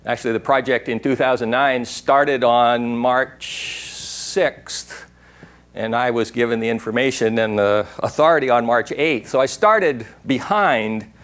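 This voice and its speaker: A man's voice: mid-range voice, measured pace, fairly bright tone. An older man giving a workshop talk in a lecture room, rambling and digressive, now and then imitating an owl's call. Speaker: workshop speaker. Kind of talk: conference talk.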